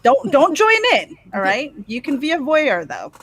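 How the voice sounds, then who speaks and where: A woman's voice: sits high, wildly swooping pitch, moderate pace, fairly bright tone. Giggly teasing woman co-host. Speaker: stream co-host. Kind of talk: casual chat on a live stream.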